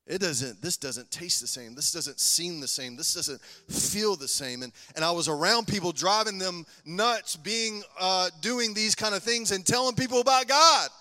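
A man preaching a passionate sermon as pastor, telling his own testimony and swinging between loud bursts and hushed lines. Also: sits high, expressive, normal speed, few pauses, in a large hall.

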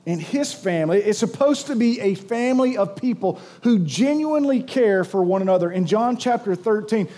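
High-voiced man preaching a sermon. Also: animated, moderate pace, mellow. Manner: storytelling with jokes, asks congregation to respond. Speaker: pastor.

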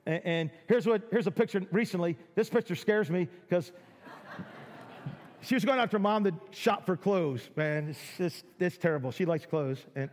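A middle-aged man preaching a sermon, excitable and full of repeated words as he acts out people's amazement. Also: high-pitched. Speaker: pastor. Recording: long hall reverb.

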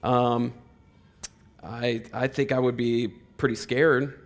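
A man gives a relaxed, chatty sermon to a church room, leaning on "like" as he talks. His pitch sits in an ordinary middle range. He climbs louder and higher when he repeats key words for emphasis. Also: slow pace. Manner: conversational, fillers like "like", swells loud on repeated words. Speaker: preacher. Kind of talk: casual sermon. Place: church hall.

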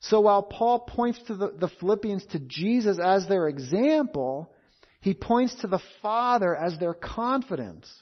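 Male preacher, high-pitched, deliberate emphatic delivery; muffled lo-fi recording. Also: animated. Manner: measured, emphatic, repeats key phrases. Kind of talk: expository sermon. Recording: dull lo-fi sound.

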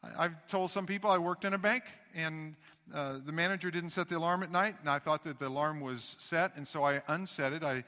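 A man preaching a sermon as pastor, talking conversationally and swinging between loud emphasis and hushed asides. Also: on the high side, a little fast, in a large hall.

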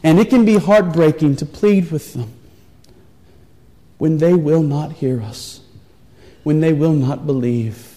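A man preaching a sermon, telling a story with earnest, pleading warmth. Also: on the high side, slow, long pauses. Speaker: pastor. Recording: long reverb of a large hall.

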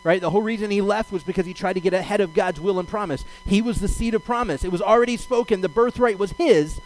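A man's voice: high-pitched, fast talker, faint music behind, low-quality recording. A man preaching a sermon as a rabbi, conversational, asking rhetorical questions and acting out voices from the scripture. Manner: animated, acts out the voices of God and Jacob in paraphrase.

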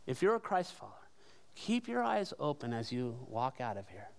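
A man's voice: mid-range voice, big pitch swings, moderate pace, creaky. A man preaching a sermon as pastor, conversational and emphatic, with rhetorical questions to the congregation.

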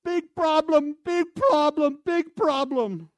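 Man playing a frantic camp manager, broken english, shouting, high strained voice. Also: slow, no echo. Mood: alarmed shouting.

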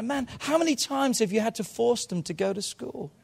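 High-pitched guy preaching hard, drops real low then shouts it out. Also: expressive, moderate pace, gravelly, few pauses, husky. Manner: fervent preaching, swinging from low intimate asides to loud shouted calls. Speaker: pastor. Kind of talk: sermon. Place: church service.

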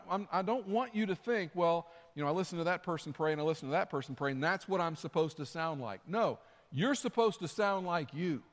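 A man's voice: on the high side, long reverb tail. A man preaching a sermon as pastor, earnest and conversational, repeating his phrases. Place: church sanctuary.

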